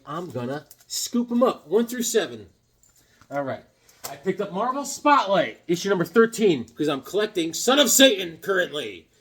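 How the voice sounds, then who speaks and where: A man's voice: fairly high pitch, husky. A middle-aged man chatting casually and enthusiastically as he shows off his comic book pickups, cracking jokes along the way. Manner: enthusiastic, excitable, joking. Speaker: comic collector vlogger. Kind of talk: casual chat showing comics.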